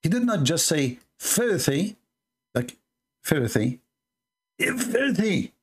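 Hosting live religious commentary over video clips, this man sounds indignant and hammers points by repeating words. His voice sits a little high, swings widely in pitch, and is breathy, delivered slowly.

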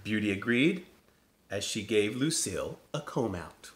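A man reading a picture book aloud in a gentle, playful storytelling manner. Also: lowish voice, sing-song, unhurried, echoey room.

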